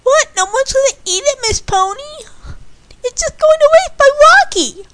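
A woman voicing a shy, timid orphan girl in a storybook reading, with a squeaky, breathy delivery. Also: lively intonation, normal speed, a bit bright, a little hiss or hum.

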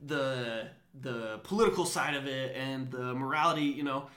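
A man's voice: mid-range voice, normal speed, fairly bright tone. A young man co-hosting a casual sports podcast, rambling with lots of fillers and restarts. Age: young adult. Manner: rambling, many likes and restarts. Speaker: podcast co-host. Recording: echoey room.

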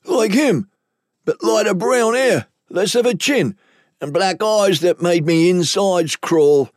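Um homem fazendo um capanga jovem, agudo e apavorado. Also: male voice, high voice, expressive, takes it slowly, no room sound, studio quality, pitched above the performer's own voice. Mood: scared pleading. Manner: pleading, stammering, rough talk. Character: frightened young male hired thug.

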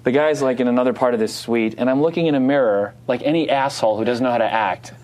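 A man from New Jersey telling a story in casual chat, animated and laughing, acting out the other people's voices. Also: medium pitch, fast.

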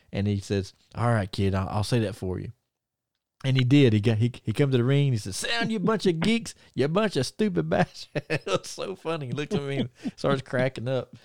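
A man's voice: mid-range voice, darkish tone, no echo, studio quality. A man with a Southern country accent, co-hosting a podcast and telling rambling stories with frequent laughs. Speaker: podcast co-host. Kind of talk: casual chat, storytelling.

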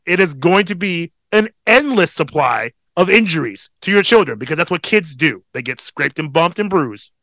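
Speaking at a moderate pace with hardly any pauses, a man in his thirties with a slightly high voice co-hosts a podcast recorded without room sound. His casual family story is animated and heavy on swearing.

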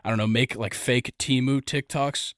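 A man's voice: medium pitch, fairly even intonation, normal speed, fairly bright tone, no echo, studio quality. Rambling young man hosting a sports podcast. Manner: rambling, jokey, lots of fillers. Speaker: podcast host. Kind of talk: casual sports podcast chat.

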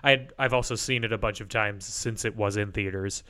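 A man co-hosting a podcast over a remote call, telling rambling stories with deadpan asides. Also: lowish voice, brisk, clean tone. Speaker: podcast co-host. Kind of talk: casual chat. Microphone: remote call mic.

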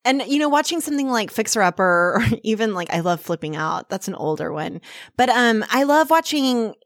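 A woman's voice: fairly high pitch, expressive, fairly quick, dry recording, studio quality. A woman co-hosting a podcast, earnestly giving advice through personal examples in a casual chat. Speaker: podcast co-host.

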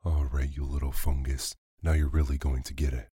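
A bossy, teasing teenage brother from a storybook, as a man reads him. The voice sits very low and dark, with a husky grain and no room sound around it. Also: little pitch movement, fairly quick, dry recording, studio quality, full character voice. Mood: bickering. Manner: teasing, sulky.

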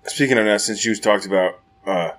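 A man telling a story in a casual, profane, rambling chat, growing loud and animated at the dramatic moments. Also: lowish voice, fairly quick.

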